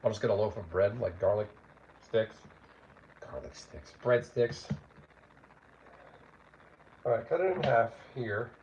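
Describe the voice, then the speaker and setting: Gravelly man on a lo-fi livestream. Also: fairly low pitch, expressive, unhurried, pauses often, darkish tone, a little hiss or hum. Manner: rambling, chatty, reads out chat. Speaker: livestream host. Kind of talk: casual cooking livestream. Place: home kitchen. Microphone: phone.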